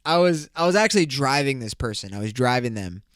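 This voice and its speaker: A man's voice: mid-range voice, expressive, a little fast, fairly bright tone, no room sound, clean studio sound. Profane, laughing podcast host man. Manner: loose, profane storytelling, laughing a lot. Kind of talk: casual podcast monologue.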